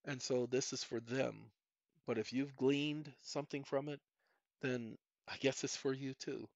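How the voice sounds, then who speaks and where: A man's voice: mid-range voice, fairly even intonation, a little slow, creaky, no echo. A middle-aged man hosting his own channel, rambling through a personal monologue and speaking straight to his viewers. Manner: rambling, repeats "ladies and gentlemen", talks straight to the audience. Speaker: channel host. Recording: muffled lo-fi, dry.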